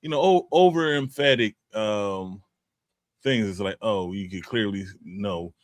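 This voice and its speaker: A man's voice: fairly low pitch, a little slow, no room sound, clean studio sound. A middle-aged man co-hosting a podcast, talking in a laid-back, rambling way with lots of restarts. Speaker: podcast co-host. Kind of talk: casual chat.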